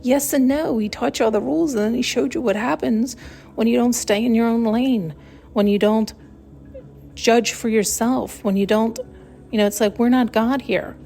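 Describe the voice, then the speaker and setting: A woman's voice: fairly high pitch, fairly even intonation, moderate pace, gravelly, mellow. A woman hosting a podcast, talking in a rambling, blunt, casual self-help monologue and swearing freely. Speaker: podcast host.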